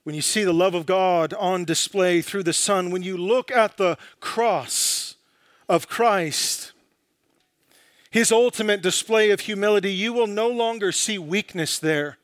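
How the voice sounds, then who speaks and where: A man preaching a sermon in a dramatic, emphatic way, often dropping low and slow for quotations. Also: dry recording, studio quality.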